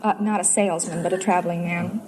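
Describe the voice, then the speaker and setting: A woman's voice: on the low side, fairly even intonation, fast, noisy background. A young woman from Los Angeles, a contestant on a 1950s radio quiz, answering the host in a cheerful, earnest way.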